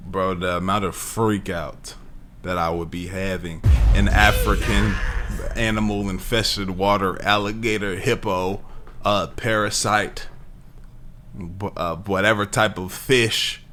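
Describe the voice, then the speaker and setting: A man's voice: sits low, flat delivery, slow pace, bright, forceful tone, a little hiss or hum. A man giving casual reaction commentary over a video, talking in incredulous, rambling bursts and exclamations. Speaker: reaction streamer.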